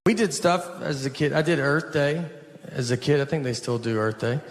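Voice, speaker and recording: A man in his forties doing a stand-up comedy set on stage, telling stories in a deadpan way and voicing the people in them. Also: medium pitch, moderate pace. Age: 40s. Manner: deadpan storytelling, quoting people in flat asides. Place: stage before a live audience. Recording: live show with audience noise.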